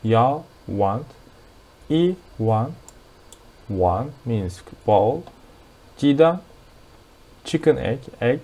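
A man's voice: mid-range voice, animated, drawn-out words, pauses often, mellow. A young man with a Turkish accent teaching a language lesson, explaining patiently and repeating words as drills.

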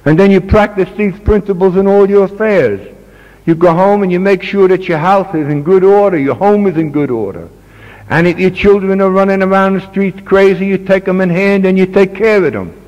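A man's voice: high voice, normal speed, a little mellow. An older man, a grandfather, giving a plain-spoken, earnest talk to a recovery meeting. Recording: dull old tape with long reverb.

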